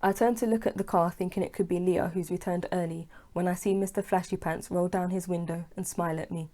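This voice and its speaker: A woman reading her own novel aloud, telling it unhurried in the first person. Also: on the low side, steady tone, dark tone. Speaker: author and narrator. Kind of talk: audiobook reading.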